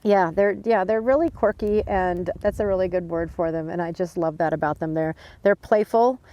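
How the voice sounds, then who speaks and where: Low, dry-voiced woman fond of nature. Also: moderate pace, dark tone, no echo, lo-fi sound. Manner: affectionate, enthusiastic about nature. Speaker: guide and desert expert. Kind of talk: casual field interview. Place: outdoors in the desert.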